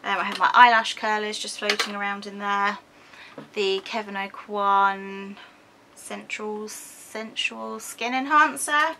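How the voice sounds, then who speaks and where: A woman's voice: medium pitch, steady tone, takes it slowly, sharp tone, a little hiss or hum. A woman with an English accent chatting through a product walkthrough, hesitant with frequent ums and self-corrections. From United Kingdom. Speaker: beauty vlogger.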